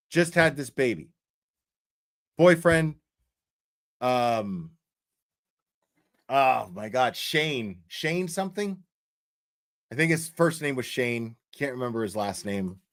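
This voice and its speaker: A man's voice: medium pitch, lively intonation, slow pace, pauses often. A man telling a story on a livestream in a blunt, profane way, with many fillers and restarts. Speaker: true crime commentary streamer. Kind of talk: casual livestream commentary.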